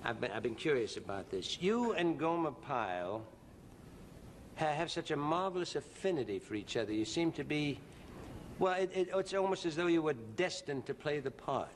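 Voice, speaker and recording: A man's voice: fairly high pitch, expressive, normal speed. Stammering man hosting a vintage variety show. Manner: stammering, hesitant, mock-earnest. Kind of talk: comedy sketch banter. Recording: noisy old TV broadcast.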